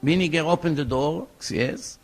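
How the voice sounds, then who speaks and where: A man's voice: a little high, normal speed, soft background music. A male rabbi telling stories in a sermon, acting out the voices of the people in them, in English with slips of grammar. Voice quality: non-native English grammar. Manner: animated storytelling, acting out quoted voices. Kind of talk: sermon storytelling.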